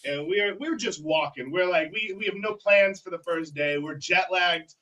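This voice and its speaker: A man's voice: sits high, moderate pace, bright, forceful tone, recorded from a distance, slight background noise, rough recording. A man, a wrestler in a tag team, chatting casually and telling stories at length. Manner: talkative storyteller. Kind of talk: casual interview chat.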